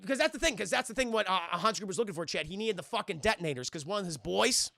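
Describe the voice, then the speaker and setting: A man streaming a profane, animated recap of a movie, often addressing his live chat. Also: high-pitched, fast talker, creaky, few pauses, no room sound, clean studio sound. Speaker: streamer and film reviewer.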